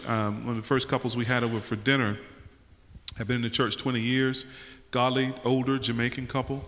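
A man on a conference panel with a bright, forceful voice, telling a story earnestly and with emphasis. His voice rings through a large hall with a long reverb tail. He speaks at a middle pitch.

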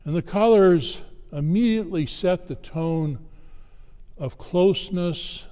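A man preaching a sermon, telling a story slowly and deliberately with long pauses. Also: high-pitched, warm tone. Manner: slow, measured storytelling with dramatic pauses. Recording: long hall reverb.

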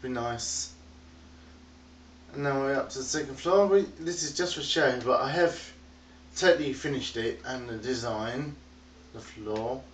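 Slow rambling man touring his game world. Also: mid-range voice, slight background noise. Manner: rambling, chatty, talks to animals in a playful sing-song. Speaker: video game tour guide. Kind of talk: casual narrated game walkthrough. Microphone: phone recording. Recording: echoey phone recording from a distance.

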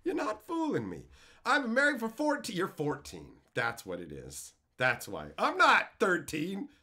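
A man's voice: high voice, huge pitch swings, unhurried, sharp tone. Ranting, profane male streamer. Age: 30s. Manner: ranting, profane, mock-angry banter with chat. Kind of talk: live stream chat while opening card packs.

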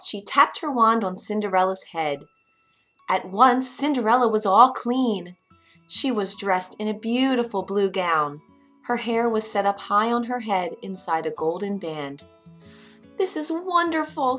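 A woman storyteller narrating a classic fairytale as a bedtime story, reading aloud gently and clearly. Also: mid-range voice, measured pace, faint music behind.

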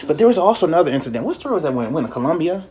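A man hosting a podcast in casual chat, telling stories in an animated, profane way and mimicking people in high voices. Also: racing, a loud crowd. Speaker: podcast host.

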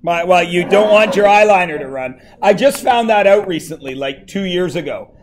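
A man's voice: high voice, animated, normal speed, noisy background. A man teaching math to a class, working through equations and teasing his students as he goes.

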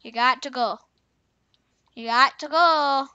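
Young female gamer, high bright voice, playful chatter, dry lo-fi home mic. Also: slow pace, clean tone, dry recording. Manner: playful, chatty, repeats taunts at other players. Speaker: gaming channel host. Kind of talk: casual gameplay commentary.

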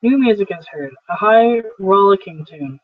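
Man, high voice, play reading, plain stage directions, tinny, distant mic. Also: animated, moderate pace, dry recording. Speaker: reader. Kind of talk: play readthrough narration. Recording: tinny phone-like sound from far off, dry.

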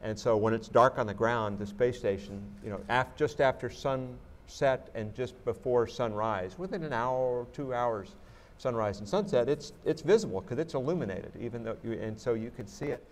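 A man's voice: mid-range voice, moderate pace. A man, an astronaut guest, answering audience questions in a reflective way, often restarting his sentences. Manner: reflective, with many restarts and "you know". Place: museum auditorium.

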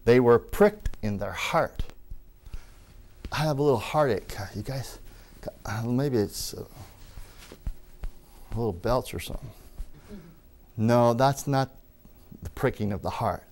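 A man's voice: medium pitch, expressive, unhurried, gravelly, long pauses, darkish tone. Emphatic male preacher teaching a sermon. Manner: emphatic, repeats amen with enthusiasm; wry asides and small jokes.

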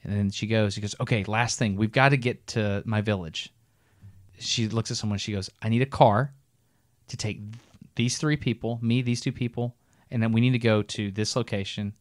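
A middle-aged man co-hosting a podcast, telling a long story in a casual, animated way and breaking into laughs as he goes. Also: fairly low pitch, normal speed, no room sound, clean studio sound. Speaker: podcast co-host.

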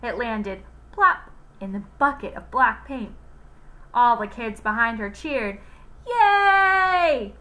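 A woman reading a children's book aloud in an expressive, unhurried way. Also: fairly high pitch, low-quality recording.

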